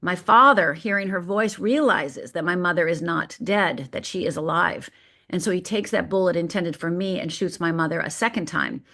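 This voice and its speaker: A woman's voice: fairly low pitch, a bit bright. Middle-aged woman telling a personal story. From Upper Peninsula of Michigan. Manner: vivid, paced storytelling with dramatic pauses. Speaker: guest.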